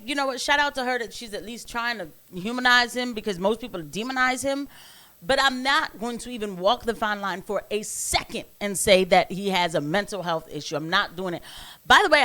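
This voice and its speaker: A woman's voice: mid-range voice, fairly bright tone. A woman hosting a casual reaction commentary, talking emphatically and asking viewers rhetorical questions. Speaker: commentary host.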